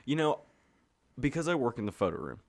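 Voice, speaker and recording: A man co-hosting a podcast, telling stories in animated, slangy, profane banter. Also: medium pitch, a little fast. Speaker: podcast co-host.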